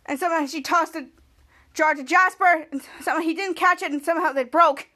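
A young woman with a very high, bright, forceful voice talks a little fast while hosting a podcast. She casually recaps a TV episode scene by scene, restarting often as she acts out the characters' lines.

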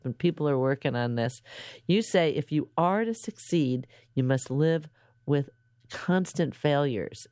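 A woman hosting a radio interview show, introducing her guest and asking questions in a clear, measured way. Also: low voice, a little mellow, no room sound, clean studio sound.

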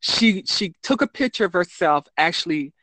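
A woman's voice: lowish voice, expressive, moderate pace, fairly bright tone, no room sound. A woman author talking casually in an interview, rambling with frequent ums and self-corrections. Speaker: children's book author, guest.

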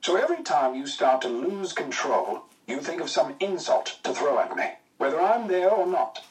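A cheerful young wartime pilot, as a male reader puts him on. He talks briskly and teasingly with dry wit, in a voice pitched a little high. The voice sits some way back from the mic. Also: very animated, far from the mic, poor audio. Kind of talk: audiobook character voice.

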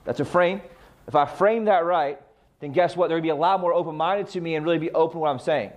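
Coaching real estate agents on client communication, this male sales trainer talks fast in a voice on the high side. He's emphatic and keeps asking rhetorical questions, then answering them himself.

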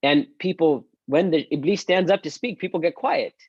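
A male Islamic teacher giving an online religious lesson, animated and acting out quoted speech. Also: a little high, normal speed, slightly rough, no room sound, lo-fi sound.

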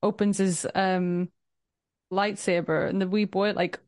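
A woman co-hosts a podcast, chatting about a film with quick reactions and frequent laughter. Her voice sits at an ordinary pitch and sounds dry and close to the mic. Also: fairly even intonation, a little mellow, no echo. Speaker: podcast co-host. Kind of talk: casual movie recap chat.

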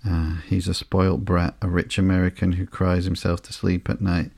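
A man hosting a sleepy podcast, reading through a comic slowly and flatly with frequent ums and uhs. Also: deep voice, creaky, no room sound. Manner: slow, flat and unhurried, with frequent ums and uhs. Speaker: podcast host.

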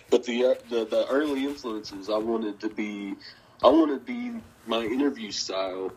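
A man's voice: medium pitch, big pitch swings, measured pace, creaky, pauses often, breathy edge, rough recording. A man telling rambling stories in a casual interview, laughing often, cursing and acting out what people said. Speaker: guest, wrestler.

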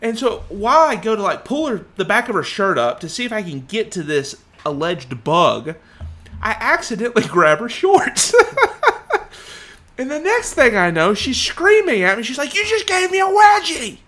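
In a high voice at normal speed, a man in his thirties co-hosting a podcast spins a story in casual conversation, animatedly performing each quoted voice.

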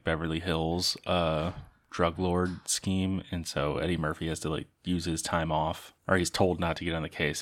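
Tired deep-voiced man rambling about films. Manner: rambling, loose, profane, with fillers and laughs. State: tired and worn out. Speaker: movie reviewer. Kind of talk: casual spoken movie reviews.

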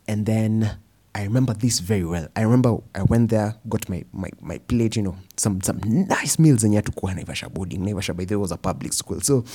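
A young man with a Kenyan accent giving a personal storytelling talk, animated and slipping Swahili phrases into his English. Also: fairly low pitch, breathy edge. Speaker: speaker.

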